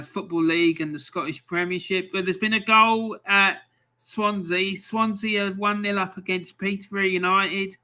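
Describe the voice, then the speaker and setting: Casual male stream host, unhurried delivery with ums, bright tone. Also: sits high, smooth. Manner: chatty, reads out fixtures with frequent ums. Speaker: live football score stream host. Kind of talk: casual live-stream commentary.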